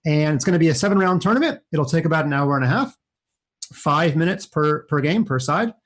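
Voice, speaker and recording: A man's voice: on the high side, lively intonation, a little fast. Upbeat chatty man coaching kids at chess. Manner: chatty, upbeat, thinking aloud while playing. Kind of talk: live chess commentary for kids.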